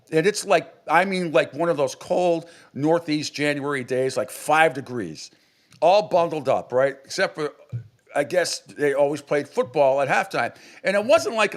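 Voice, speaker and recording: Rambling middle-aged sports radio host. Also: male voice, on the high side. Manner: rambling, animated, with many restarts and acted-out quotes. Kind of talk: casual storytelling.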